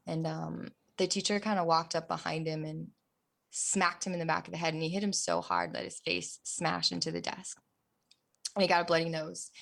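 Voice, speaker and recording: A young adult woman, a podcast guest, telling a personal story in an earnest, emotional way, dropping almost to a whisper at the hardest parts. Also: lowish voice. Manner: earnest, emotional, softens to near-whispers at hard moments.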